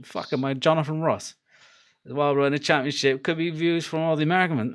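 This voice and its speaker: A man's voice: on the high side, expressive, normal speed, a bit bright. A man from Cardiff with a Welsh accent, hosting a live football watchalong and chatting casually to his viewers. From Wales, Cardiff. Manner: chatty, sweary, laughing between rants. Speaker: livestream host.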